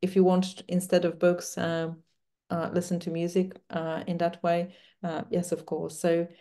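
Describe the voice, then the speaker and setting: A woman with an English accent giving a teacher-training talk to fellow language teachers, speaking conversationally with frequent pauses. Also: fairly low pitch, monotone, dark tone.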